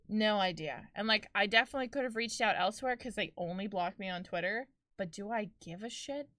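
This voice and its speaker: A woman's voice: mid-range voice, fairly quick, few pauses, fairly bright tone, no room sound, clean studio sound. A young woman streaming and chatting with her viewers, telling stories casually and laughing often. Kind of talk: casual chat with live chat.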